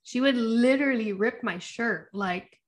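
Woman co-host, fairly high voice, lively storyteller who acts out quotes. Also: measured pace. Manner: animated storytelling, acts out quotes, laughs often. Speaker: podcast co-host. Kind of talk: casual chat.

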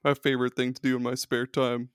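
A man's voice: medium pitch, monotone, quick pace, clean tone, no echo, clean studio sound. A man on a gaming podcast panel, trading profane jokes in casual chat. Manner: jokey, profane banter.

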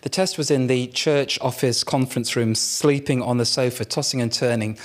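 A man preaching a sermon, telling a personal story in a candid, self-mocking way with dramatic pauses. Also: medium pitch, steady tone. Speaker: pastor.

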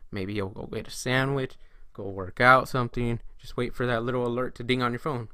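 A man with an average-pitched voice talks in a loose, conversational way, like a coach explaining things. The sound is dry and close, with almost no room echo. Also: little pitch movement, fairly quick, bright, forceful tone, clean tone. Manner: conversational, acts out inner voices and quoted friends. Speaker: trading coach. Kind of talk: casual solo talk to camera.

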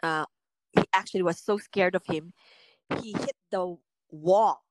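Low-voiced Filipino woman, earnest and hushed. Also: unhurried, no echo, poor audio. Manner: earnest, emotional, often dropping to a hushed, low voice. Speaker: guest sharing a personal story. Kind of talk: personal testimony in conversation.

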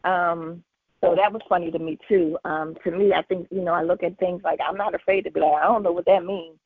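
A woman's voice: on the low side, fairly even intonation, brisk, husky, no room sound. A woman in her forties, a featured guest giving a faith testimony on a call-in show, telling her story with animation and acting out conversations. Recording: tinny phone line.

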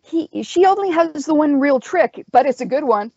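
A small, tough, prickly young warrior with a raised voice, quick to take offence, as a woman reader puts him on. He sounds like a character from a storybook reading. The sound is dull and dry. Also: high voice, expressive, a little mellow, no room sound, pitched above the performer's own voice. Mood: wry.

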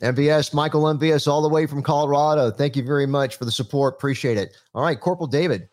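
A man hosting a live panel chat, friendly and halting, often repeating words as he gathers his thoughts. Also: on the high side, darkish tone. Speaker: host.

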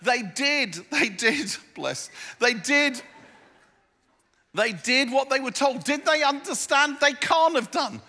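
Male preacher, high bright voice, playful repetitive delivery, big reverberant hall. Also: lively intonation, slow. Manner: humorous, self-deprecating storytelling with repeated phrases. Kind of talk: sermon. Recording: echoey hall.

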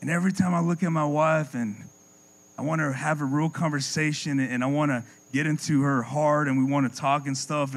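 Male preacher, slightly high pitch, passionate sermon delivery, faint crickets and hum in the background. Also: fairly even intonation, fairly quick, rough recording. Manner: impassioned, dropping low and soft for effect; repeats words when building a point.

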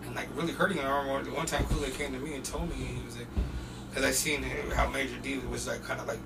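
A man's voice: mid-range voice, fast talker, recorded from a distance, over loud music. A man from Portland telling profane, laughing stories as a podcast guest, recorded off-mic in a noisy room. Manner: profane, laughing, animated storyteller. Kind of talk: casual storytelling chat.

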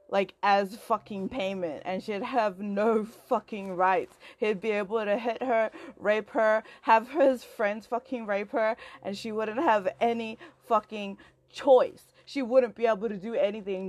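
Young adult woman, casual rant; swears freely, rambles, gets louder as she gets worked up. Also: mid-range voice, fairly even intonation, measured pace. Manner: heated, profane, rambling, filler-heavy. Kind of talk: angry personal rant to a friend.

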